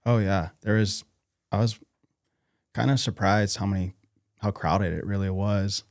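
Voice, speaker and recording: A man from North Idaho, a podcast guest talking casually in a halting way, with many fillers and restarts. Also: on the low side, steady tone, no room sound, clean studio sound. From North Idaho, USA. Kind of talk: casual interview conversation.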